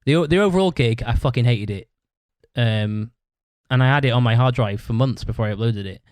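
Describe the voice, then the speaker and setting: A man with a darkish, medium-pitched voice talks a little fast, with no room sound, as host of his own podcast. His long, casual story comes out blunt and rambling, heavy on swearing and frequent restarts.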